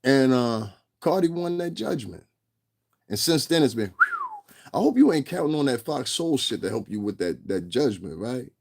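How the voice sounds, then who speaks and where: A man's voice: mid-range voice, wildly swooping pitch, normal speed, gravelly, slightly rough. A man, ranting profanely in fired-up commentary and repeating himself. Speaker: commentary channel host.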